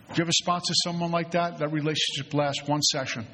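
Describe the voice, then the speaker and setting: A man's voice: on the high side, quick pace, pushed and bright, slight background noise. A man leading a spiritual recovery retreat, talking in an earnest, conversational way and often repeating his phrases. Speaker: retreat facilitator. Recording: long hall reverb.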